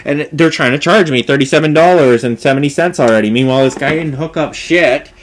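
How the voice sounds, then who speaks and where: A man's voice: on the high side, brisk, a little hiss or hum. A man venting to camera in a rambling vlog rant, talking in long run-on sentences with lots of filler phrases. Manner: frustrated, run-on storytelling full of filler phrases. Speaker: vlogger.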